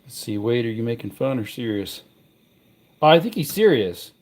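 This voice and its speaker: A man's voice: mid-range voice, sing-song, normal speed, a little mellow. A man hosting a casual livestream, mumbling and joking to his chat while he works at a bench. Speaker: livestream host.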